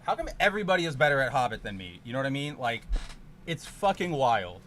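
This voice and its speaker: A man streaming a card game, ranting and swearing, with sudden loud outbursts in casual chat. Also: medium pitch, very animated, fast, a little hiss or hum.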